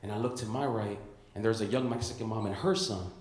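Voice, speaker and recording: A young man from Chicago doing a stand-up comedy set on a club stage, animated, laughing at his own lines and calling people "bro" and "dude.". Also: lowish voice, quick pace. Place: comedy club stage before a live audience. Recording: roomy club sound.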